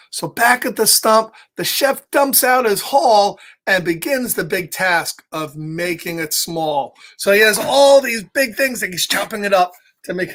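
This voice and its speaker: This high-pitched, fairly bright male voice belongs to an adult with a child reading a picture book to listeners. He often laughs and interrupts the story with playful, chatty digressions.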